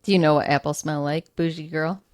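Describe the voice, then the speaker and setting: A woman's voice: deep voice, fairly even intonation, a little fast, darkish tone. A woman co-hosting a podcast, teasing and playful in casual chat. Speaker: podcast co-host.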